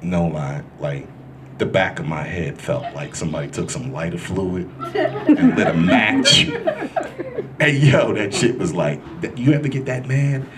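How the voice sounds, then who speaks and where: A man doing a stand-up comedy set in a club, loud and crude, working the crowd as he tells stories. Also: sits low, measured pace. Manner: loud, crude, animated storytelling with crowd work. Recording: live club recording with room noise.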